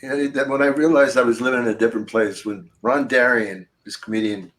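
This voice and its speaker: A man's voice: mid-range voice, fairly even intonation, a little fast, a bit bright. An older man hosting a podcast in casual chat, a rambling, profane storyteller who laughs easily. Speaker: podcast host.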